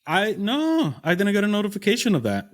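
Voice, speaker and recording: A man's voice: high voice, wildly swooping pitch, brisk. A man co-hosting a podcast, easygoing, with plenty of fillers. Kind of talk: casual chat.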